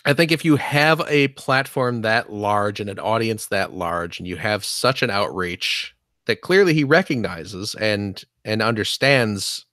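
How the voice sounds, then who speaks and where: A man co-hosting a podcast, talking in an earnest, halting way with jokey asides. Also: fairly low pitch, sharp tone, dry recording, studio quality. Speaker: podcast co-host. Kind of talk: casual podcast chat.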